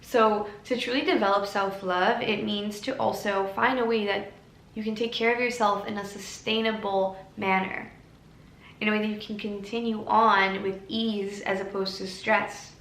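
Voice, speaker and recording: A woman giving a casual self-help talk to camera, earnest and gently encouraging. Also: medium pitch, steady tone, moderate pace, roomy sound, rough recording. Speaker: lifestyle creator.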